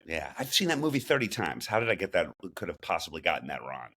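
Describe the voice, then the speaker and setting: A man's voice: low-pitched, sing-song, quick pace, fairly bright tone. A man co-hosting a comedy show, chatting in a rambling way with wry asides. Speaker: co-host. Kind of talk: casual comedic chat.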